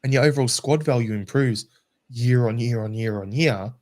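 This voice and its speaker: A man's voice: medium pitch, moderate pace. Man hosting a football podcast, losing his voice. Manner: steers the talk, hands questions to co-hosts. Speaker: podcast host. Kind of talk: casual football chat.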